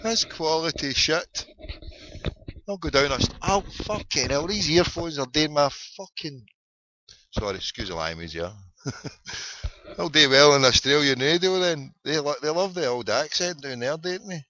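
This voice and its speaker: A Glaswegian man from Scotland hosts a casual internet radio show of live chat and phone-ins, rambling, swearing and cracking jokes. His voice sits on the high side, animated and sharp, at a moderate pace. The audio is dull, with no echo.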